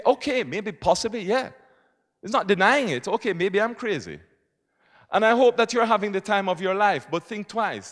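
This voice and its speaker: Man, conference talk, expressive, quiet asides and emphatic points, long hall reverb. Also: fairly high pitch. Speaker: poet and lawyer giving a conference talk. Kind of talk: public speaking.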